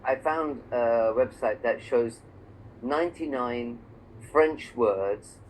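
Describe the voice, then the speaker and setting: A man's voice: medium pitch, slow pace, low-quality recording. Guy from england teaching english one on one, patient, lots of examples, bit of background hiss. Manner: patient, explains with examples and checks understanding. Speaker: English tutor. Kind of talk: one-on-one online lesson.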